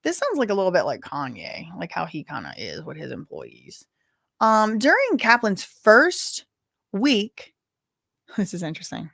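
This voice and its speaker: A woman's voice: mid-range voice, wildly swooping pitch, measured pace, vocal fry, a bit bright, dry recording, clean studio sound. Chatty woman hosting live commentary. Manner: casual, chatty, rambling asides. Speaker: host of a live trial commentary stream. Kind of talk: live news commentary reading updates.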